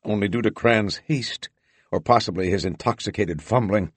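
A man narrating a literary science fiction audiobook in a measured, deliberate reading with dramatic emphasis. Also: lowish voice, breathy edge, no echo.

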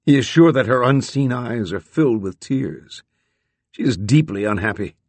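A man narrating a literary science fiction audiobook in a measured, deliberate reading with dramatic emphasis. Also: mid-range voice, animated, a little mellow, no echo.

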